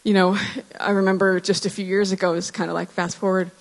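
A woman in her thirties giving a personal testimony in church, earnest and reflective, with pauses and restarts. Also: mid-range voice, flat delivery, vocal fry. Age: 30s. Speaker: church speaker sharing testimony. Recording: hall reverb.

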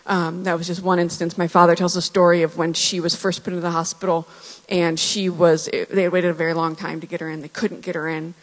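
A woman's voice: on the low side, little pitch movement. Earnest woman in her thirties, reverberant hall. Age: 30s. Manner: earnest, reflective, with pauses and restarts. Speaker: church speaker sharing testimony. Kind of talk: personal testimony in church.

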